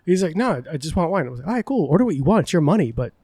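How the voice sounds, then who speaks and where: Podcast host guy, swears a lot, pitch jumps all over, dry close sound. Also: sing-song, very fast, breathy edge, no echo. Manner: loud, profane storytelling with big swings into mock outrage. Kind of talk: casual chat. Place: distillery.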